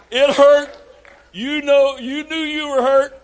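An older man preaching a sermon, telling folksy family stories and breaking into loud outbursts. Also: very high voice, fairly even intonation, normal speed. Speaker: pastor.

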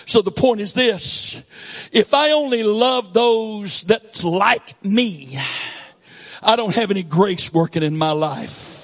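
A man with a Southern US accent preaching a sermon, swinging between shouted lines and quiet asides. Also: high-pitched, animated, slow pace. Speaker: pastor.

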